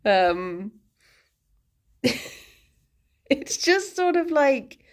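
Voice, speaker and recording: A woman's voice: high-pitched, sing-song, drawn-out words. A woman streamer chatting casually, rambling and giggling often as she talks.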